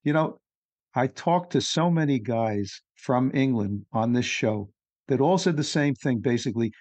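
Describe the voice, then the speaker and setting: A man's voice: medium pitch, animated, a little slow, darkish tone, no echo, highs cut off. Conversational male podcast host. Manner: conversational, asks leading questions. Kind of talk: interview.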